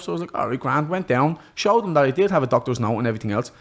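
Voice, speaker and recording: Irish man in his twenties or so, quick, chatty storyteller, a touch high-pitched. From Ireland. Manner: lively, cheeky, puts on voices of others in his story. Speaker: guest, professional boxer. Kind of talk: animated storytelling in casual chat.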